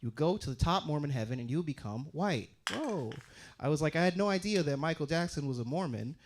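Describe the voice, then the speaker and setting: A young man from Utah performing a stand-up comedy set, animated, leaping into loud high character voices and dropping to low asides. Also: a little fast, noisy background.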